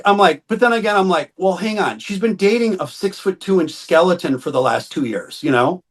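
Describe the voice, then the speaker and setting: A middle-aged man spins a long story as an interview guest, his voice sitting a little high for a man. He jumps into the voices of the people he quotes and laughs often along the way. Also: lively intonation, a little fast, hardly any pauses, breathy edge. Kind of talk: storytelling anecdote in casual interview.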